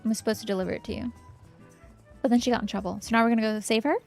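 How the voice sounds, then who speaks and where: A woman's voice: on the high side, steady tone, racing, gravelly, a little mellow. A young woman chatting casually with her viewers while streaming a game, upbeat and rambling, with faint music behind.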